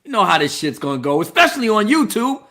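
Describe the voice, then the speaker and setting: A man retells a film scene by scene in a loud, mocking, profane review. His voice sits very high and carries a gravelly fry. The tone is bright and sharp. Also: fast. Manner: animated, mocking, profane, bursts into laughter and mimicry. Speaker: movie reviewer. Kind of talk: casual spoken movie review.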